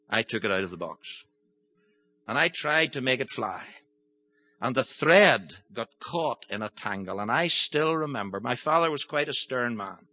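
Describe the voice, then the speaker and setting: An older man preaching a sermon, impassioned, moving from gentle storytelling to forceful pleading. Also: mid-range voice, sing-song, normal speed.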